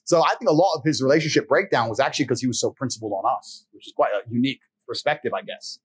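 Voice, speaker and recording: Fast-talking man telling a blunt story. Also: mid-range voice, husky. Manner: fast, animated, blunt and profane. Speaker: podcast guest. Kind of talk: conversational storytelling.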